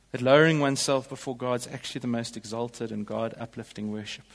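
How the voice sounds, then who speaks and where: A man's voice: mid-range voice, long reverb tail. A male pastor delivering a sermon in a church, in an earnest, emphatic way.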